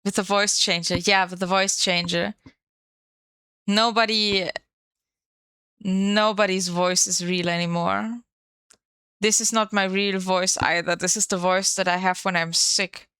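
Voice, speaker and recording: A woman's voice: mid-range voice, steady tone, unhurried, pauses often, bright, forceful tone, clean tone, no room sound. A woman streamer chatting casually on a live stream, playful and swearing freely into a desk microphone.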